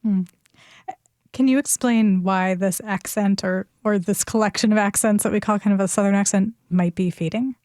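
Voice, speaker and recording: A woman's voice: mid-range voice, steady tone, moderate pace, dark tone, no echo, clean studio sound. Woman hosting a public radio show. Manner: clear, conversational.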